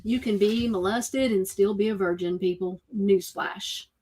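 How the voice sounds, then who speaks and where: A woman's voice: mid-range voice, fairly even intonation, measured pace, mellow. A woman hosts a show in a casual, opinionated way. She talks emphatically and drives her points home by repeating them. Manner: emphatic, repeats herself for effect. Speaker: host.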